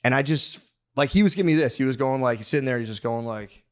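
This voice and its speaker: A man's voice: medium pitch, fast, clean tone. Profane, rambling male podcast host. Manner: rambling, profane, mock-aggressive. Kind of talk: comedic ranting monologue.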